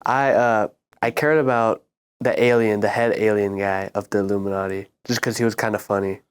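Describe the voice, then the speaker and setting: A man's voice: fairly low pitch, fairly even intonation, fairly quick, smooth. A young man in casual chat, summarizing in a rambling, laid-back way with lots of fillers. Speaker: student show panelist.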